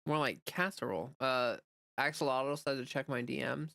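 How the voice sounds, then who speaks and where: A woman's voice: extremely low pitch, normal speed, creaky, fairly bright tone, no echo, studio quality. A woman streamer in casual live chat, answering chat messages in a chatty way with lots of "like" fillers.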